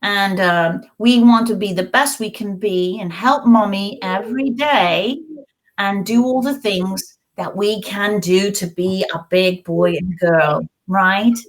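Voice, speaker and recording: A woman's voice: medium pitch, slow, low-quality recording. A middle-aged woman hosting a children's storytime and craft lesson in character, talking in a coaxing, sing-song way to small children.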